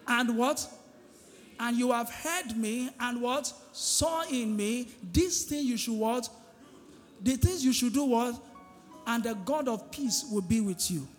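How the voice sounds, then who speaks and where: High-voiced pastor preaching in a hall. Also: male voice. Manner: call-and-response preaching, asking the congregation "what?". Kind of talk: sermon. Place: church hall. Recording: reverberant hall with music behind.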